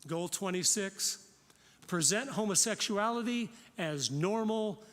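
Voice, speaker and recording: A man's voice: high-pitched, expressive, unhurried, fairly bright tone. A man in his fifties from Florida, giving an impassioned, direct conference talk in a preacherly manner. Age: 50s. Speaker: conference speaker. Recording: long reverb of a large hall.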